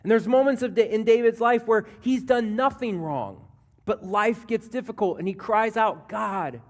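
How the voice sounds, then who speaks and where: A man pastor preaching a sermon, earnest, dropping to a hush and then rising as he voices scripture. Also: sits high, moderate pace. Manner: earnest preaching that drops to a hush and swells when voicing scripture. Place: church sanctuary.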